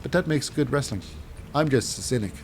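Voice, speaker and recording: A man's voice: medium pitch, animated, a little fast, vocal fry, a little hiss or hum. A man casually recapping wrestling matches in a rambling, wry way with lots of fillers.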